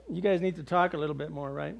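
A man's voice: a little high, vocal fry, muffled recording. A man preaching a sermon in a conversational way, with jokes and acted-out quotes. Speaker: pastor.

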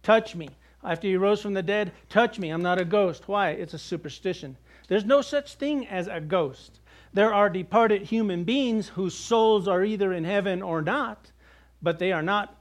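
A man's voice: high voice, moderate pace. A man preaching a sermon in a conversational way, with jokes and acted-out quotes. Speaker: pastor.

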